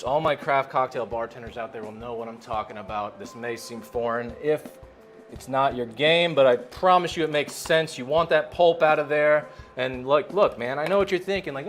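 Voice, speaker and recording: A man's voice: medium pitch, a bit bright. A man who works as a bartender, talking casually and chattily while he makes a cocktail. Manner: laid-back, chatty, says "man" a lot. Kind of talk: casual cocktail-making demo.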